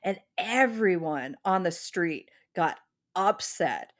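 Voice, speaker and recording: Co-animatrice de podcast, voix de femme un peu grave, récit décousu et bavard. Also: female voice, fairly low pitch, animated, slow pace. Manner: rambling storyteller, many "like" fillers. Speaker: podcast co-host. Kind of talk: casual chat.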